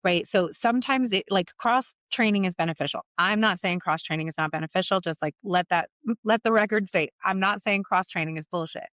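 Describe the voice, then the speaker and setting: A woman's voice: on the low side, a bit bright, no room sound. A woman podcast host and life coach talking through a solo episode in a candid, conversational way, blunt and willing to swear. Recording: dull, slightly muffled dry recording.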